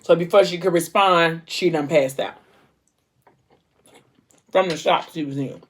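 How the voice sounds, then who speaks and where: A woman book vlogger casually recapping a novel's plot in an emotional, animated way, with informal slang. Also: fairly low pitch, measured pace.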